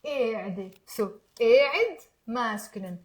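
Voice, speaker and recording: A young woman with a Lebanese accent teaching Arabic in a live online lesson, repeating words slowly and quizzing her listeners. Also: on the high side, animated.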